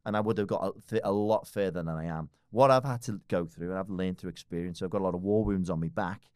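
A man's voice: sits low, quick pace, a little mellow, clear, resonant tone, no echo, studio quality. A man in his forties, a podcast guest talking casually and bluntly, swearing freely and laughing often. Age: 40s.

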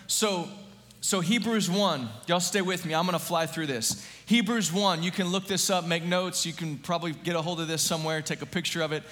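A man preaching a sermon, fervent and calling out to his congregation, at times rising to shouting. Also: on the high side, fairly even intonation, fairly quick. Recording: long hall reverb.

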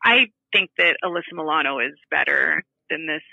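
Bright, chatty woman co-host. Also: low-pitched, lively intonation, normal speed, gravelly, slightly rough, no room sound, low-quality recording. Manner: chatty, bemused, laughs often. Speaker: podcast co-host. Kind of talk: casual chat.

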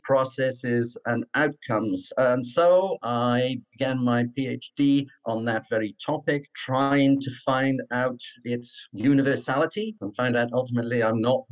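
An older man from Wales, a guest scholar telling anecdotes in a wry, measured way during an interview. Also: mid-range voice, poor audio. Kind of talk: reflective interview talk.

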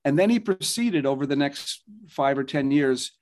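A man guest telling show-business anecdotes in a lively way, acting out the lines of the people in them. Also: medium pitch, moderate pace, slight background noise. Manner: animated storyteller, acts out quotes. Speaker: guest, TV producer and author. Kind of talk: anecdotal storytelling.

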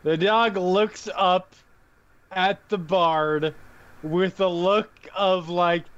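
A man with a high voice, speaking slowly and dryly as he plays in a tabletop game. The recording is dull and lo-fi. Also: fairly even intonation, a bit bright, clean tone. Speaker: player. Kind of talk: playing a character in a tabletop game. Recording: dull lo-fi audio.

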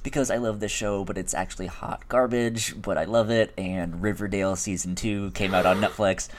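Low-voiced man rambling on a podcast. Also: fairly even intonation, normal speed. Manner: rambling, frequent ums and restarts. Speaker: podcast co-host. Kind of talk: casual chat.

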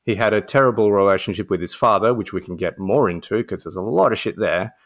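Low-voiced man telling anecdotes. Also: fast talker. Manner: relaxed storytelling, uses "mate". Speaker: podcast co-host. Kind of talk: casual film discussion.

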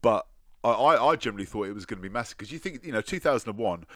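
A man co-hosting a casual music podcast, chatty with halting restarts and casual swearing. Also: on the low side, expressive, sharp tone, dry recording, studio quality. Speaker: podcast co-host.

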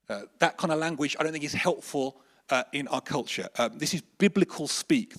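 Animated male preacher giving a sermon. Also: on the high side. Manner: animated storytelling, shifts between emphatic and hushed.

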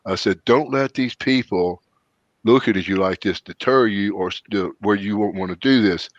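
A man's voice: lowish voice, normal speed, no echo. Man, podcast host, folksy rambling storyteller, dry and dull lo-fi audio. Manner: folksy, rambling storyteller with lively quoted voices. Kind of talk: casual chat, storytelling.

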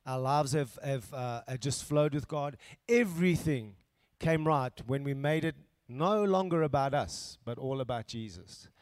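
A man giving a quick, heartfelt church testimony before introducing a guest speaker. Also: mid-range voice, dry recording. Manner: fast, heartfelt testimony rising to a loud cheer.

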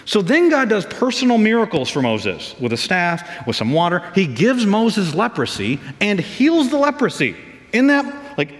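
A man preaching a sermon as pastor, casual and animated, acting out the people he quotes in raised voices. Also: high-pitched, normal speed, in a large hall.

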